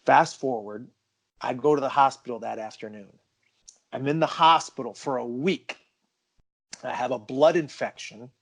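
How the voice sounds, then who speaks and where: A man's voice: medium pitch, moderate pace, vocal fry, long pauses. A man co-hosting a podcast, telling a personal story in an emphatic, casual way and stressing that it is true. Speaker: podcast co-host.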